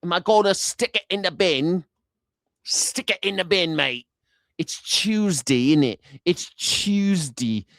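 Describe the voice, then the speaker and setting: A smug British bloke drawls his words out slowly in a mock accent, as a man puts him on. He sounds teasing and sits a little above his usual pitch. The sound is dry. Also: a bit bright, no room sound, exaggerated voice. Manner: slow, drawn-out teasing.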